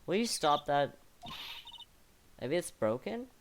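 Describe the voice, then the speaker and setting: A voice actor playing a nervous young male lawyer with a dry, deadpan inner voice, in a fan voice-over of a game. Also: mid-range voice, takes it slowly, a little hiss or hum.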